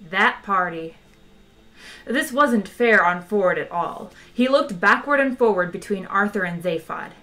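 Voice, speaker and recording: A woman reading a novel aloud as narrator, measured and even. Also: mid-range voice. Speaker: audiobook reader. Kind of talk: scripted narration.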